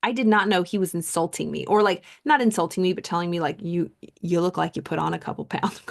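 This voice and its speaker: A woman's voice: fairly low pitch, fast talker, creaky. A woman coach reading a self-help book aloud, then chatting casually about it and telling stories with many fillers.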